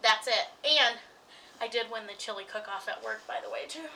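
High bright-voiced woman telling a story. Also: moderate pace, distant mic, a little hiss or hum, low-quality recording. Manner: animated, laughs often, acts out quoted voices. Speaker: podcast co-host. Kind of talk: casual chat, storytelling.

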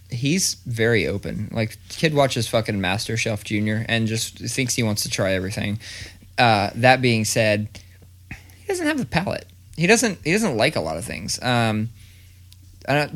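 A man in his thirties telling a story in casual chat, swearing freely and acting out the quotes. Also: medium pitch. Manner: profane, animated storytelling with acted-out quotes.

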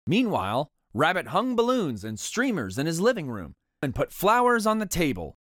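Animated picture-book narrator. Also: mid-range voice, normal speed, dry recording, clean studio sound. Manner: expressive, animated reading. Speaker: storybook narrator. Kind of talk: children's picture book read-aloud.

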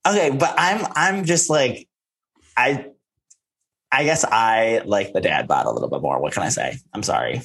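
A man's voice: lowish voice, normal speed, creaky. A man co-hosting a podcast, chatting campily and playfully about reality TV. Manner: animated and campy, playful banter. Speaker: podcast co-host. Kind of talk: casual chat recapping reality TV.

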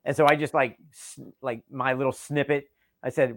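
A comedian from North Carolina and Delaware telling stories in a casual chat and acting out the dialogue. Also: male voice, mid-range voice, normal speed, dry recording, clean studio sound. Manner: animated, acts out quoted dialogue. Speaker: stand-up comedian guest.

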